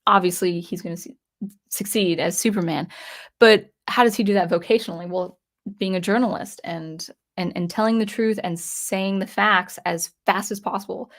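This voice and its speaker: A woman's voice: medium pitch, fairly even intonation, moderate pace. A woman giving a casual, unscripted comic book review, retelling the plot in a chatty way with frequent restarts.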